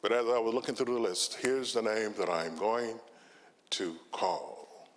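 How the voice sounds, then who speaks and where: A man in his sixties, a trial lawyer giving a conference talk and telling stories with dramatic pauses. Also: lowish voice, slight background noise. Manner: slow, dramatic pauses, lively intonation. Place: large conference hall. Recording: long hall reverb.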